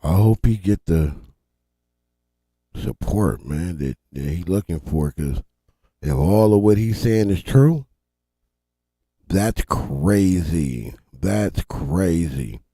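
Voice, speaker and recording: A man with a California accent talks in a laid-back, slangy drawl as a livestream host. His voice is very low and very dark. The sound is dry and close. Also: lively intonation, slow pace, long pauses, breathy edge, dry recording. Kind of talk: casual live commentary. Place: Washington State.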